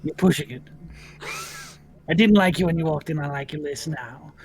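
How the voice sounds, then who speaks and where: A man's voice: a little high, moderate pace, natural voice. A man voicing a rude, grumpy female hag who runs a shop, blunt and sarcastic with her customers in a tabletop game. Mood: surly.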